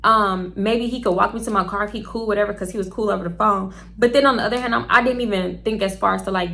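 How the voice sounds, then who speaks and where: A young woman vlogger telling a story in a blunt, profane, animated way. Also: medium pitch, quick pace, gravelly, few pauses. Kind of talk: casual storytelling.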